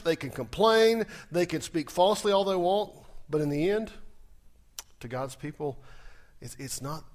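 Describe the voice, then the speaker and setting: A middle-aged man delivering a sermon in a conversational way, with a voice pitched a little above the usual for a man. He leans on rhetorical questions, pushes key words up and lets phrase endings sink low and soft. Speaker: pastor.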